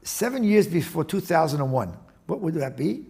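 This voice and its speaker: A man interviewed as a guest, explaining his work in an animated, digressive way with many restarts. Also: fairly high pitch, moderate pace, creaky, slightly rough. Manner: animated, digressive, with frequent restarts and Talmudic terms. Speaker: guest, attorney and index author. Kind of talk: casual interview talk.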